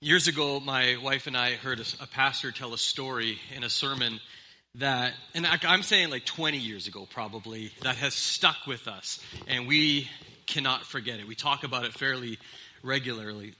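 A man's voice: medium pitch, moderate pace, sharp tone. A middle-aged man preaching a sermon as pastor, earnest and conversational, with small restarts as he speaks. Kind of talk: sermon with opening prayer.

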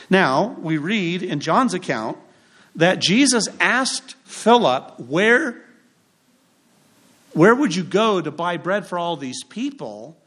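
A man's voice: fairly high pitch, a bit bright. A man preaching a sermon in a church, conversational and joking as he leads the congregation through scripture. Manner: conversational preaching with humorous asides. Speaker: pastor.

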